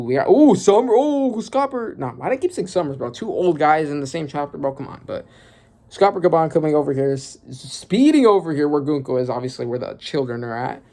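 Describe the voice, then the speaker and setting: A man with a gravelly, fry-laden voice talks through a comic chapter in a loose, rambling way. He stops, restarts and corrects himself as he goes, sitting at a middling pitch. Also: warm tone. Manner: rambling, thinking aloud with many fillers and restarts. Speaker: manga reaction youtuber. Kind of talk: casual reaction commentary.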